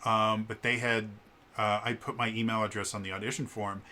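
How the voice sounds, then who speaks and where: A man telling a casual story in a vlog, animated and acting out the quoted lines, with fillers and stammered restarts. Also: fairly quick. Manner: animated, acts out quoted lines with shifts in pitch. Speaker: vlogger.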